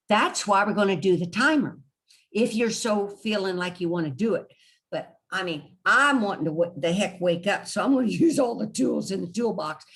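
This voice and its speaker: A woman's voice: lowish voice, animated, normal speed, fairly bright tone. A woman leading an online study group on a video call, chatty and encouraging, laughing often. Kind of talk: casual online group discussion.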